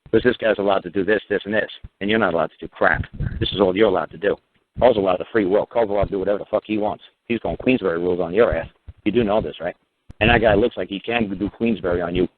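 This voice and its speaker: Over tinny phone-line audio with a dry sound, a radio talk host with a deep voice talks fast. He tells a courtroom story in a casual, profane, emphatic monologue, at times raising his voice to mimic other people.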